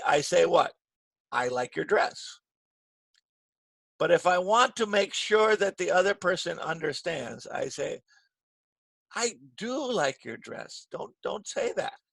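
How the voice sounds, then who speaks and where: Middle-aged guy teaching english grammar on a video call, gravelly and kinda husky, dry close sound, keeps asking right?. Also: on the high side, a bit bright, no room sound. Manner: patient, checks in with "right?" often. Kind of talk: online grammar lesson.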